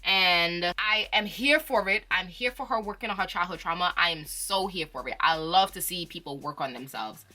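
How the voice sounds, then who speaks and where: A woman's voice: lowish voice, normal speed, hardly any pauses, sharp tone. A woman hosting her own channel, reviewing reality TV in a chatty, slangy way and laughing often. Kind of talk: casual chat.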